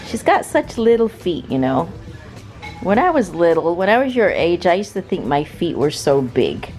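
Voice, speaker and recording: Slow-talking woman over background music. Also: medium pitch, big pitch swings, darkish tone. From abroad, moved to the US at about sixteen. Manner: playful and chatty, laughs often. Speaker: vlogger and mother. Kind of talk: casual family vlog chat. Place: family home indoors. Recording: clear background music under the voice.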